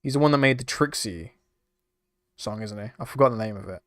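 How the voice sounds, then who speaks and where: A man's voice: fairly low pitch, brisk, no room sound, studio quality. A young British man chatting casually on a live stream, laughing often and swearing freely as he reacts to chat. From United Kingdom. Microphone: desk microphone.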